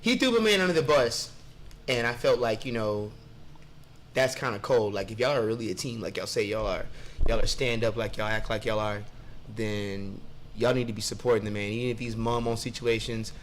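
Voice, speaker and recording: A man's voice: lowish voice, normal speed, a little hiss or hum. Opinionated man in casual podcast chat. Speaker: podcast co-host.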